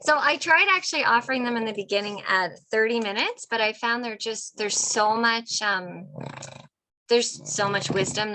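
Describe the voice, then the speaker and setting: Bright-voiced woman hosting a video chat. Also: medium pitch, slight background noise, rough recording. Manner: warm, chatty, with frequent ums and small laughs. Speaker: host. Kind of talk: casual online interview chat.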